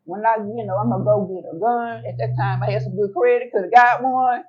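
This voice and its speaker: A woman telling her own story as an interview guest, animated and emphatic, repeating words for effect and acting out what she said back then. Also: medium pitch, brisk, slightly rough, dull audio. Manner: colloquial, acts out her own past words. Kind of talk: emotional personal storytelling.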